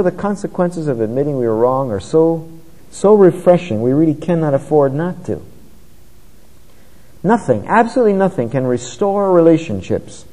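A man's voice: fairly high pitch, warm tone, long reverb tail, poor audio. A man preaching a sermon in an earnest, conversational way, often rising in emphasis.

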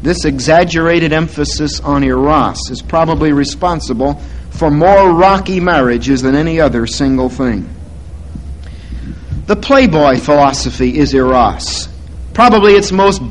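A man preaching a sermon, slow and deliberate, swelling louder on key words. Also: on the high side, expressive, rough recording. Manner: slow, deliberate stress on words to teach them.

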